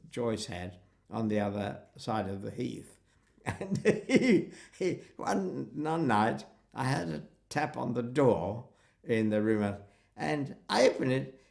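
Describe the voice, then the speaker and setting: An older man being interviewed, reminiscing in an animated storytelling way. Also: medium pitch, gravelly. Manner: animated storyteller acting out quotes. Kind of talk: reminiscing conversation.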